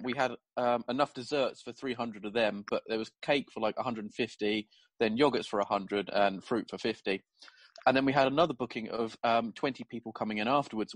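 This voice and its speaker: A man's voice: medium pitch, no echo. Guy rambling through a story, lots of ums, dry close sound. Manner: hesitant anecdote with many ums. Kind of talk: casual chat, storytelling.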